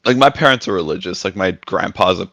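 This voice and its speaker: Bright-voiced young man telling stories. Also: deep voice, quick pace, no room sound, muffled recording. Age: 20s. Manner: animated storytelling, acts out quotes. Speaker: podcast guest. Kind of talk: casual chat.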